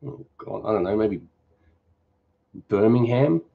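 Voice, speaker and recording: Through tinny audio, a man with a low, creaky, narrow voice speaks unhurriedly as he hosts a cooking channel's casual live-stream Q&A. He reads viewer comments out loud and replies in an easygoing, off-the-cuff style.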